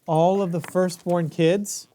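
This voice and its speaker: A man telling a story to a child with toys, chatty and animated, full of asides. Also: high-pitched, slow pace, very noisy. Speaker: storyteller uncle.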